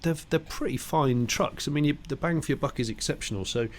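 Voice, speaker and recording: A man's voice: a little high, brisk. A man co-hosting a podcast, chatting casually and enthusiastically, with frequent fillers and restarts. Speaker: podcast co-host. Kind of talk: casual chat.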